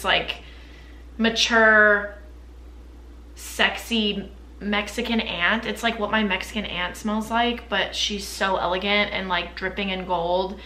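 A woman's voice: medium pitch, sharp tone, echoey room, a little hiss or hum. A young woman chatting casually and candidly about her perfumes for a vlog, full of fillers. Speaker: beauty vlogger. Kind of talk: casual chat.

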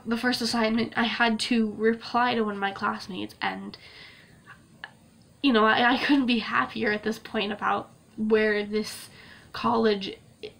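A woman's voice: a little high, gravelly, fairly bright tone. A young woman vlogging to camera in a casual, gushing way, laughing often and tearing up. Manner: emotional, gushing, laughs often, many fillers. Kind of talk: casual vlog talk to camera.

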